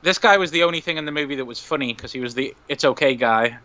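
A man's voice: medium pitch, fast, sharp tone, no echo. A man co-hosting a podcast, chatting casually while gaming, laughing, swearing and rambling. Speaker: podcast co-host. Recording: dull lo-fi mic.

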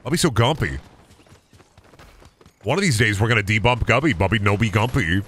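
A man's voice: on the low side, lively intonation, a little fast, a bit bright, husky. A man streaming a video game, chatting casually with viewers and thanking subscribers, often repeating silly made-up phrases in a sing-song way.

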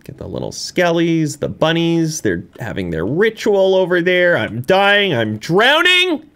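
A man doing let's-play commentary, talking to himself in a rambling, self-mocking way. His pitch swings wildly from low mutters to high squeals. Keyboard typing can be heard faintly behind him. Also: a little slow, few pauses, slight background noise. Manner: rambling and self-mocking, with frequent laughs and high excited outbursts. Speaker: gaming YouTuber. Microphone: desk microphone.

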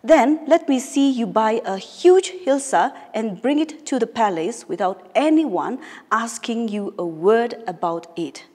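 A woman's voice: on the high side, animated, a little slow, mellow, long reverb tail. A woman teacher reading the lines of a short-tempered king in a storybook, commanding and then apologetic. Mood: stern.

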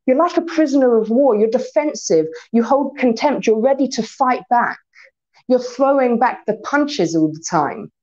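A somewhat high-voiced woman teaches with lively, expressive delivery, spelling out letters and acting out short scenes. The recording sounds a little dull and muffled. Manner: lively teacher, spells out acronyms, acts out quoted exchanges. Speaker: Torah teacher. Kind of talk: recorded talk to an unseen audience.

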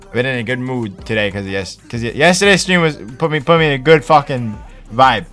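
A young man streaming live, chatting casually with his viewers in an excitable, profane, hyped-up way. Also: mid-range voice, brisk, soft background music. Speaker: Twitch streamer. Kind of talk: casual livestream chat.

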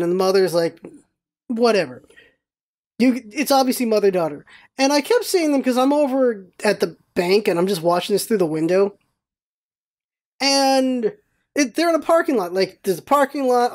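A woman hosting a casual vlog, telling stories in an animated, rambling way with exclamations and some swearing. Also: a little high. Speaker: vlog host.

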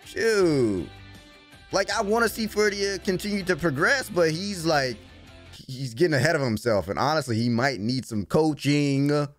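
An animated young man giving excited reaction commentary, his pitch bouncing all over as he goes from muttering to whooping. He talks casually to the screen in slang, with faint show music playing under him. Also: a little slow. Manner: animated, swings from low grumbling to loud cheering. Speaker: anime reaction host.

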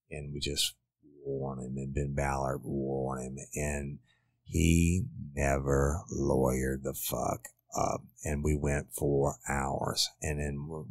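A former detective turned podcast host, this middle-aged man speaks with an extremely low, creaky voice and no room sound. He bluntly retells a crime case in a casual, profane true crime story.

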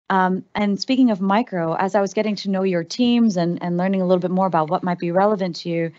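A woman's voice: on the low side, darkish tone, dry recording, highs cut off. A woman with an American accent giving a workshop talk to a live audience, speaking conversationally and addressing the listeners directly.

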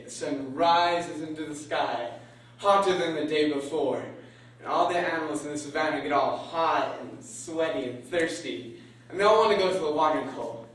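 A man telling a folk tale live to an audience in a playful, animated way, adding sound effects. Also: on the high side. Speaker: storyteller. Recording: echoey room from far off, faint noise.

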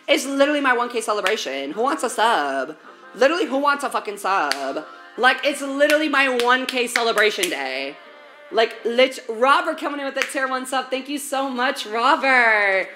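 Slightly high, bright, and forceful, this woman's voice fills a cooking live stream from her home kitchen, with faint music playing. She's casual and sassy with her viewers, swears plenty, and addresses them as baby and girl.

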